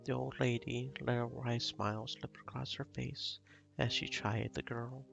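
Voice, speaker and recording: A man reading a visual novel aloud as a live stream, in measured, steady storytelling. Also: mid-range voice, creaky, highs cut off, over music.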